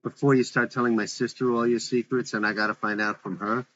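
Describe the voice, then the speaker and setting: A man's voice: medium pitch, flat delivery, a little fast, a bit bright, dull audio, slight background noise, close to an everyday voice. A man reading the part of an insecure young boyfriend who pleads and apologizes.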